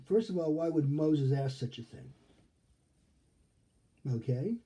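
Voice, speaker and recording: Dark-voiced man teaching a Torah lesson. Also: on the high side, lively intonation, takes it slowly, faint music behind. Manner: conversational, checks in with frequent "okay?"; acts out quoted characters in his retelling. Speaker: rabbi. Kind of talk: casual Torah study lesson.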